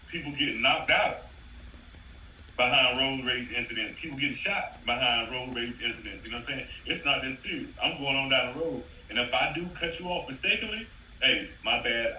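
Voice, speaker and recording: Man, co-host, sharp bright tone, slangy easygoing banter, echoey room, far from the mic. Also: mid-range voice, a little hiss or hum. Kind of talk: casual podcast chat. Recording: roomy and off-mic.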